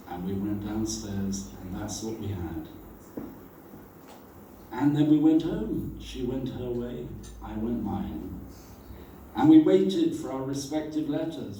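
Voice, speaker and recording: A man giving a storytelling tribute about an old friend, animated and acting out the voices he quotes. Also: on the low side, slight background noise. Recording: very echoey room, voice from far off.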